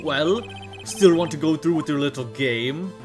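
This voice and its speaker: Lady doing a sneery old prosecutor guy, deep-ish and drawn out, music behind. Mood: sneering. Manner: slow, sneering, condescending. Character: smug cold older male prosecutor.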